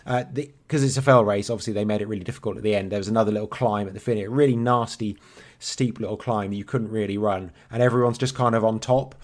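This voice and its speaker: Fast-talking man on a podcast. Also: lowish voice, fairly even intonation. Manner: swears freely, chatty and rambling. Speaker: podcast co-host. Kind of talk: casual chat.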